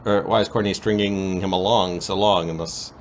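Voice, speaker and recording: A man co-hosting a podcast, recapping soap opera episodes in a casual, animated way with frequent ums. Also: low voice, moderate pace, a little hiss or hum. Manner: lively, animated retelling with many ums.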